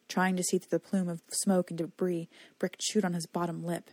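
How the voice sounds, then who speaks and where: A woman reading a novel aloud as audiobook narrator in steady storytelling. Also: fairly low pitch, moderate pace, few pauses, no room sound. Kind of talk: scripted narration.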